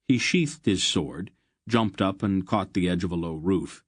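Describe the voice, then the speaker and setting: A man reading a fantasy audiobook in a measured, steady narration. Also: low voice, slightly rough, no echo, clean studio sound.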